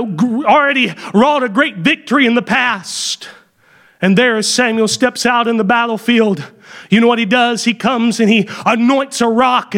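Fervent high-voiced man preaching. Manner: fervent preaching that rises to shouted emphasis, slows on scripture. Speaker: pastor. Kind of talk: sermon. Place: church service.

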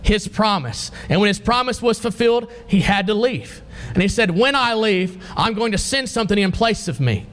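High-voiced man preaching a sermon. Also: expressive, normal speed, few pauses, a bit bright. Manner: emphatic, questioning the congregation.

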